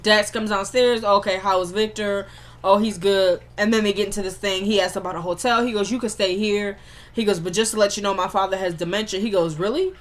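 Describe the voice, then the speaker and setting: A woman's voice: medium pitch, fairly even intonation, a little fast. A woman casually recapping a TV episode in loose, slangy speech, trading characters' lines back and forth as she retells each scene.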